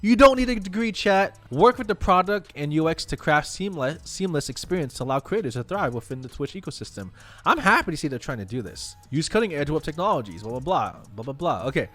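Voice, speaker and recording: A young man, a web developer streaming live, reacting excitedly to salary figures and talking to his chat. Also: fairly high pitch, quick pace, soft background music.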